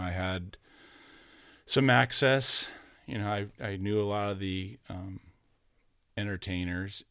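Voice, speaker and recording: Man, podcast guest, low smooth voice, casual rambling storytelling, dry close sound. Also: no echo. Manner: rambling, many "you know"s and restarts. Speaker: podcast guest, former concert security.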